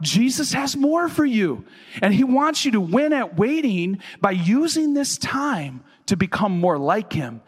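A man preaching a sermon as pastor, impassioned and building to shouts on quoted lines. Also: high voice, long reverb tail.

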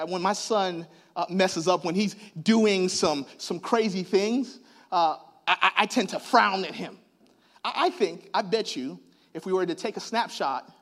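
High-pitched preacher guy, middle-aged, stammers and restarts, goes from hushed to loud. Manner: dramatic swings from hushed to emphatic. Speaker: pastor. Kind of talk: sermon.

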